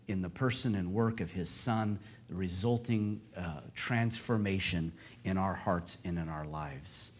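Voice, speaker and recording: Emphatic preacher man, loud then soft. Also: on the low side. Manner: emphatic, repeats key phrases, swings from loud to quiet. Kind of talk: sermon.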